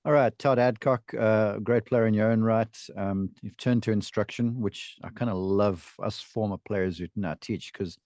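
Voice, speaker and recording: Male host, lowish voice, dry close sound, chatty storyteller. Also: normal speed, hardly any pauses, no room sound. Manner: storytelling, animated asides. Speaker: podcast host, golf instructor. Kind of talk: casual podcast interview.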